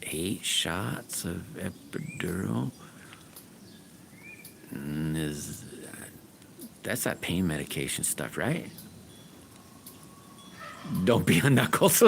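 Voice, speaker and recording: A man's voice: deep voice, big pitch swings, extremely slow, vocal fry, pauses often, noisy background. A man hosting a livestream, rambling through folksy stories and chatting casually with viewers. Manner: rambling folksy storytelling, laughs often. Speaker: livestream host.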